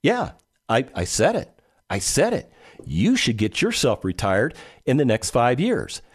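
A man's voice: medium pitch, wildly swooping pitch, unhurried, slightly rough. A man hosting a radio talk show, speaking bluntly and conversationally and putting questions straight to his listeners. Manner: blunt and emphatic.

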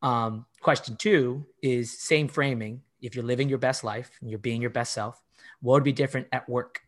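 A man, a life coach, talking through ideas in a casual podcast conversation with enthusiastic, animated storytelling. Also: medium pitch, normal speed. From Argentinian and Italian heritage.

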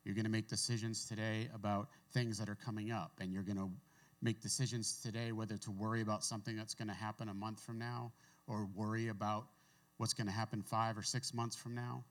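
A man preaching a relaxed, conversational sermon, reading scripture and adding his own asides. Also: lowish voice. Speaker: pastor. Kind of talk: casual sermon.

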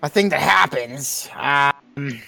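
A player at a tabletop role-playing game, joking and stammering, often dropping into low mumbles. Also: expressive, slow, vocal fry, bright, forceful tone. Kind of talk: casual in-character banter.

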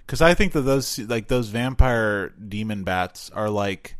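A man with a lowish voice talks through a movie in loose, rambling casual chat, piling on filler words as he goes. The sound is dry and close, with no room around it. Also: lively intonation, a little slow, no room sound. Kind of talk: casual chat reviewing a film.

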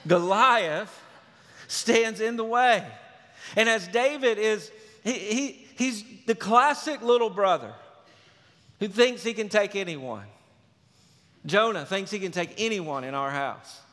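A man preaching a sermon as pastor, telling the story in an animated, emphatic way. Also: high voice, slow. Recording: reverberant hall.

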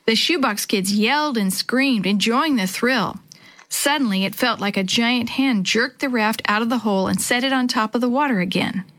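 A woman narrating a children's adventure story aloud, voicing the kids' lines in a higher, lively pitch. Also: moderate pace. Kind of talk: children's audiobook reading with character voices.

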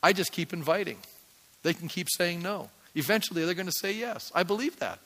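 A man's voice: high-pitched, lively intonation, fairly quick, sharp tone. A man in his sixties, a pastor giving a conversational sermon and asking the congregation rhetorical questions. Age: 60s.

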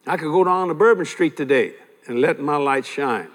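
An older man delivers a sermon in a slightly high voice, spinning lively stories with chuckles and driving his main points home by repeating them. His voice carries a long reverb, as if he is recorded in a large church hall. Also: moderate pace. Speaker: preacher.

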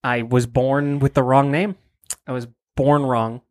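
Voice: mid-range voice, level tone, unhurried, darkish tone, no echo, clean studio sound. Teasing mock-apologetic podcast co-host. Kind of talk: casual comedy podcast chat.

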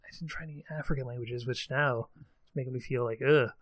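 A man's voice: mid-range voice, fairly even intonation, quick pace, fairly bright tone, dry recording. A man, co-hosting a casual podcast chat, rambling and poking fun at himself with frequent chuckles. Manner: rambling, self-deprecating, chuckles often. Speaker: podcast co-host.

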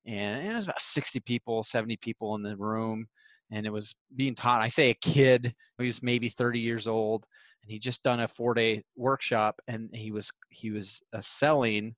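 A man's voice: medium pitch, no room sound. Male host, casual storyteller, acts out his quotes, close dry mic. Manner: animated, acts out quoted voices while retelling. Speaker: podcast host.

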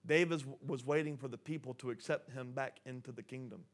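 A man preaching a sermon, talking conversationally, dropping soft and then building up. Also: medium pitch, fairly quick, few pauses. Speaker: pastor.

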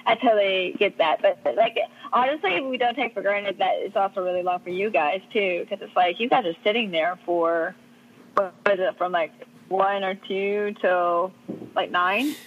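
A woman's voice: medium pitch, normal speed, dull audio. A woman guest on a podcast, chatting casually with lots of fillers. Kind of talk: casual chat.

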